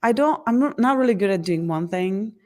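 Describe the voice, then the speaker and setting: A woman's voice: medium pitch, normal speed. A woman, an empowerment coach answering interview questions in an earnest way, often restarting her sentences. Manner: earnest, frequent restarts, lively acted quotes.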